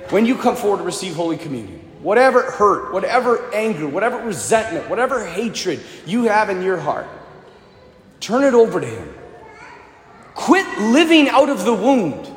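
A man, a priest, giving a sermon as an animated storyteller who acts out the people in his story. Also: high voice, slight background noise. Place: large reverberant church. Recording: echoey church hall, faint ambience.

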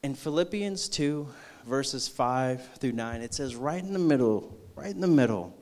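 A man preaching a sermon, acting out a movie scene with energy before turning slow and earnest. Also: mid-range voice. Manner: slows and softens into earnest preaching. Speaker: youth pastor.

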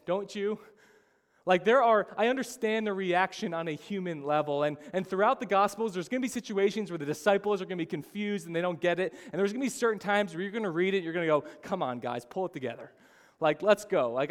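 Male pastor, slightly higher voice, earnest, dramatic sermon delivery, long reverb of a large room. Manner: earnest, dramatic reading of scripture, acts out the disciples' panic.

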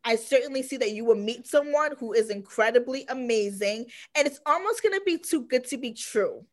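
A woman's voice: on the high side, animated, fairly quick. A woman giving a casual psychic reading, speaking with assurance and emphatically repeating her points. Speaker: psychic reader.

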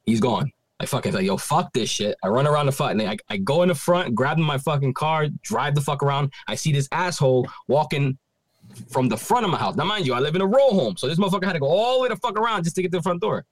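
A man's voice: a little high, fast talker, dry recording. A man in his thirties telling a story in casual chat, swearing constantly and acting out what people said. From Puerto Rico heritage, living in Philadelphia. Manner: swears constantly, animated retelling with acted-out quotes. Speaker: podcast co-host.

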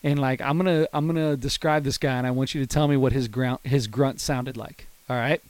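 A man's voice: mid-range voice, brisk, no room sound. A man in his thirties, a podcast co-host, telling a funny story in casual chat. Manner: animated storyteller, laughs hard at his own story.

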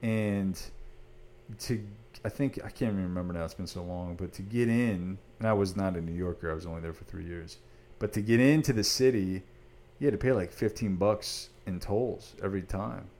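A man's voice: sits low, moderate pace, a little mellow. A man hosting a podcast, asking curious questions in a chatty way full of fillers. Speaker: podcast host. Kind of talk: casual interview chat.

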